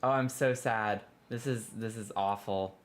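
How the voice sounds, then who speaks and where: In a fairly low voice with fairly even intonation and a measured pace, a game streamer talks casually through a building game. Bugs frustrate him, and he groans dramatically whenever something goes wrong.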